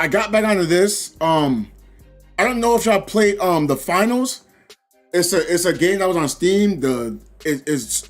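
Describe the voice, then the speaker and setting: A man streaming a game live and chatting casually with viewers. He rambles through stories with lots of fillers and restarts. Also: high-pitched. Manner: animated, rambling storytelling with many fillers. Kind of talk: casual live-stream chat while gaming.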